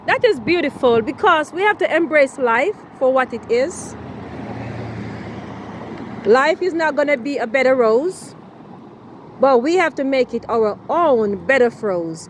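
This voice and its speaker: A woman's voice: sits high, slight background noise. A Jamaican woman chatting casually as a vlogger, earnest and reflective, in short phrases. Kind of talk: casual chat.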